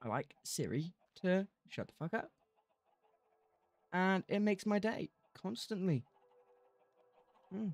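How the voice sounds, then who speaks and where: A man's voice: high-pitched, very animated, takes it slowly, pauses often, no room sound. A man streaming a building game, rambling casually, swearing freely and laughing often. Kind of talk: casual livestream commentary while gaming.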